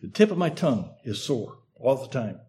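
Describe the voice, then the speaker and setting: An older man preaching a sermon in an earnest, measured way, with a slight lisp from a sore tongue and emphatic repetition. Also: medium pitch, very animated, mellow.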